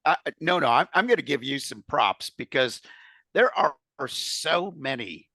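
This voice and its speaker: A man's voice: medium pitch, animated, a little slow, gravelly, pushed and bright, dry recording. A man speaking as a podcast guest, talking about his writing in an enthusiastic, friendly way. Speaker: podcast guest, article writer. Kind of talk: casual podcast chat.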